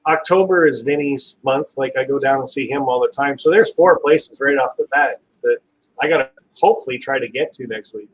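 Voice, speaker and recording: A man's voice: medium pitch, a little fast, husky, rough recording. A man with a Canadian accent hosting a casual live stream chat, easygoing and jokey.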